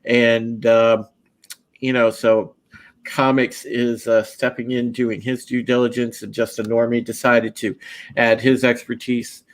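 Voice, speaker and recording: A man's voice: mid-range voice, flat delivery, a little slow. A man hosting a podcast and running a casual live-stream panel intro, loose and chatty with many fillers and restarts. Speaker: podcast host.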